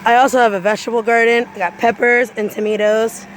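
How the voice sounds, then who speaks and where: A woman cosplayer giving a casual walking tour of her backyard garden. She talks chattily, repeats her phrases, and breaks into high squeals of delight. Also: flat delivery, quick pace, slight background noise. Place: outdoors in a home backyard garden.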